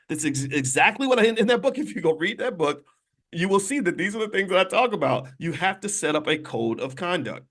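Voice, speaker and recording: A middle-aged man giving an emphatic, preaching-style lesson over a phone livestream from a hotel room, full of rhetorical questions. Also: on the high side. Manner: emphatic, rhetorical questions, swings between loud and quiet. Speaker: speaker giving an economics lesson to a live online audience. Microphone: phone on a video stream.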